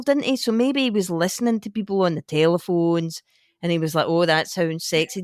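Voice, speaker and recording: A woman's voice: medium pitch, no room sound, clean studio sound. A Scottish woman co-hosting a podcast, chatting casually and asking playfully curious, teasing questions. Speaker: podcast co-host. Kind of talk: casual chat.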